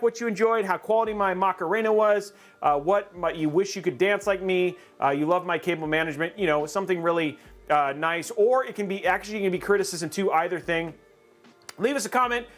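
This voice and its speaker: A man with a high voice hosts a casual livestream, joking and upbeat as he rambles through announcements. Faint music plays quietly behind him. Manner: jokey and upbeat, rambling with fillers. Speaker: livestream host.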